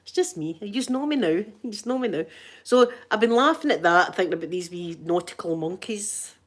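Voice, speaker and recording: A woman's voice: mid-range voice, expressive, fairly quick. A woman with a Scottish accent chatting casually and telling funny stories, giggly and self-mocking, full of local slang. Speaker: ASMR channel host. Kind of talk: casual storytelling chat.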